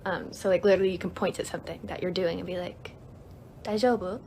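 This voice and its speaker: A woman's voice: on the low side, flat delivery, very fast, darkish tone, slight background noise. A young woman hosting a casual livestream, chatty and giggly, reading out viewer comments while she teaches a few easy phrases. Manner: giggly, chatty, lots of fillers; reads comments aloud. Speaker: livestream host.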